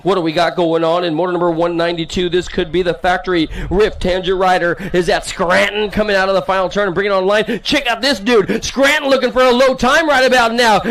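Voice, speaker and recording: An American man calling BMX races live, fast and hyped, joking and teasing riders by nickname. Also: sits high, fairly bright tone. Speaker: race announcer. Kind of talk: live sports commentary.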